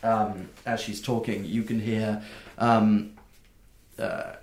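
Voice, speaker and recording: A man narrating a tabletop game as game master, describing scenes with many pauses and fillers. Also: on the low side, fairly even intonation, a little mellow. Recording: echoey room.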